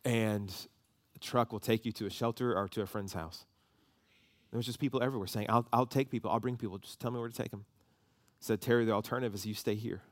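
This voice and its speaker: A man, preaching a sermon and telling a story with lively emotion. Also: lowish voice, fast talker, no room sound. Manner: animated storytelling, voices rising with emotion.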